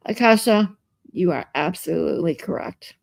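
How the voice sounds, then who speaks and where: Gravelly-voiced woman chatting on a stream. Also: fairly low pitch, moderate pace, no echo, studio quality. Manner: chatty, reads out and answers chat comments, laughs often. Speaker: live streamer. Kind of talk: casual live-stream chat with viewers. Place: hotel room.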